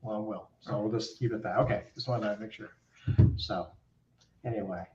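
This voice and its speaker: A man's voice: fairly low pitch, steady tone, normal speed, a crowd in the background. Easygoing man on roomy, dull audio. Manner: easygoing, joking. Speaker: guest speaker. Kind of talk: casual chat on a video call.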